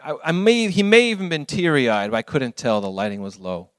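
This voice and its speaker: A man's voice: medium pitch, brisk, fairly bright tone, no echo, studio quality. A man giving an earnest church talk with slides, telling stories in a rambling way with many restarts. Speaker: ministry speaker.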